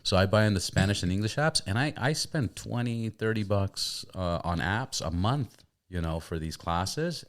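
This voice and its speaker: Man, very low voice, lively pitch, animated storyteller, casual chat. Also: moderate pace, few pauses. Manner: animated storyteller, repeats words when starting. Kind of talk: casual conversation.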